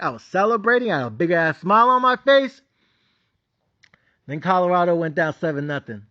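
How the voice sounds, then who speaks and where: A man's voice: high-pitched, a little fast, a bit bright, highs cut off. A man with a Mexican accent ranting profanely as host of a sports betting recap.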